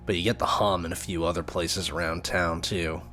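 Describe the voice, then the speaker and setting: A man reading a visual novel aloud, narrating and adding relaxed side comments. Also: deep voice, normal speed, soft background music. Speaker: game narrator and player.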